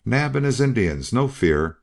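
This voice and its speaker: A man's voice: low voice, big pitch swings, measured pace. A man voicing a tense young cowboy who speaks urgently in an audiobook western. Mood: shouting.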